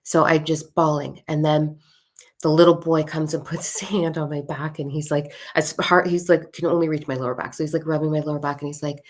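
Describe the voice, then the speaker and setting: At a moderate pace and with a voice that sits low, a woman relates a personal spiritual tale. She's a spiritual content creator who tells it casually and animatedly, with swearing and acted-out voices.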